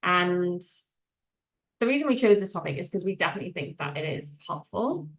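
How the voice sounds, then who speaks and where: Casting note: chatty, teasing woman co-host, late twenties, slightly low voice, echoey room. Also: very animated, brisk, a bit bright. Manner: chatty, teasing, self-deprecating. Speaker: podcast co-host. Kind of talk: casual chat. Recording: roomy echo.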